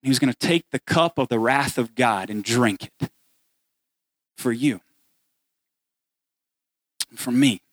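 A man's voice: medium pitch, lively intonation, takes it slowly, long pauses, dry recording. A man preaching a sermon as pastor, earnest and building to emphatic peaks as he voices the words of scripture.

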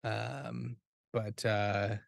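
A man's voice: fairly low pitch, little pitch movement, very slow, vocal fry, dry recording, studio quality. A man from the Midwest US, a guest musician on a casual podcast, rambling with lots of filler words and swearing.

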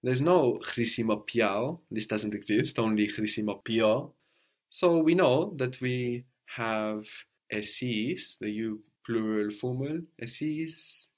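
A man's voice: mid-range voice, takes it slowly. A man teaching a language lesson, patiently prompting his student and often checking with a questioning "no?".

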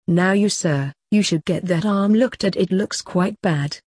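A woman reading a slow courteous highwayman. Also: darkish tone, slightly rough, dry recording. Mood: polite. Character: courteous male highwayman, calm and polite.

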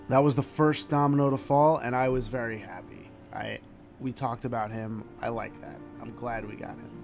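A man co-hosting a casual sports chat, animated and ranting with sudden loud outbursts. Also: mid-range voice. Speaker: podcast co-host.

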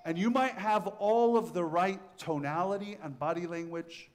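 A man's voice: high voice, normal speed. A middle-aged man, a priest, giving a conversational sermon and telling stories with shifting emphasis. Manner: conversational, storytelling with varied emphasis.

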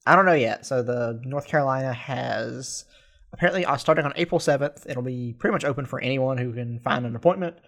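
A man's voice: medium pitch, fairly quick, creaky, a bit bright. A young man co-hosting a casual podcast chat, laughing easily and sounding exasperated and incredulous. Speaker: podcast co-host.

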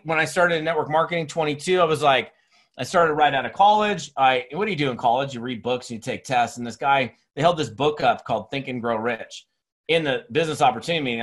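A middle-aged man, a speaker and trainer, giving an energetic, rambling motivational talk with many restarts. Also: mid-range voice, quick pace. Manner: energetic, rambling, repeats himself.

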